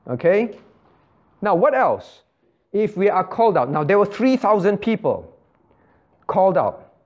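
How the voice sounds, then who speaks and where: A man's voice: fairly high pitch, darkish tone. A male pastor teaching a Bible study. He repeats key phrases and quizzes his listeners by name. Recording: muffled lo-fi recording.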